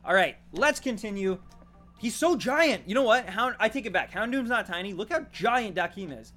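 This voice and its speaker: High, lively male game streamer. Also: unhurried, faint music behind. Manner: excitable, chatty, thanks viewers. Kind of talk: live gameplay commentary.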